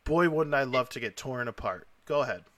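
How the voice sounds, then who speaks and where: Excitable man with a bright voice. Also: mid-range voice, fairly quick, no echo. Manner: excitable and emotional, rambling storyteller. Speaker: podcast host. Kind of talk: casual chat.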